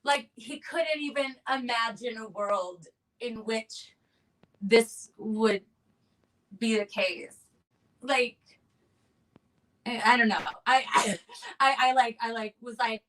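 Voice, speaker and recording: A woman's voice: fairly high pitch, takes it slowly, pauses often, fairly bright tone, far from the mic, rough recording. Chatty, profane young woman host. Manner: chatty, profane, filler-heavy delivery. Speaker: comedy showcase host. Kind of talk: casual stand-up storytelling. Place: at home on a video stream.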